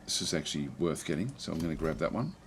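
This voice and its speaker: Deep-voiced man narrating a strategy game. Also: big pitch swings, slight background noise. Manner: thinking aloud, halting with fillers and restarts. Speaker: game commentator. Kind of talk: strategy game let's play commentary.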